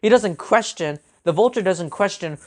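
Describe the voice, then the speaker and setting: A man's voice: high-pitched, expressive, normal speed. A man giving a ranting movie review in an agitated way, often repeating himself and restarting his sentences. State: angry.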